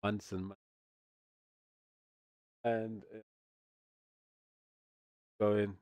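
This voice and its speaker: Low-voiced rambling male streamer. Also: little pitch movement, very slow, pauses often, darkish tone, no room sound, studio quality. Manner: rambling, swears, stumbles and restarts, repeats "you know what I mean". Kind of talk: casual ranting commentary.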